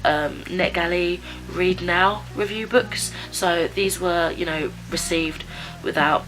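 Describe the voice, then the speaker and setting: A woman with a raspy, stuffed-up voice from a cold, chatting casually through a book review with lots of fillers and restarts. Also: lowish voice, fairly even intonation, slow pace, low-quality recording. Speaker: book vlogger. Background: background music.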